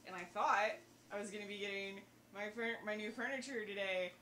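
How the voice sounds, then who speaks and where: A woman's voice: medium pitch, brisk, pushed and bright, echoey room, a little hiss or hum. A woman joining a game stream, chatting and laughing casually as she rambles through a story. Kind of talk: casual chat.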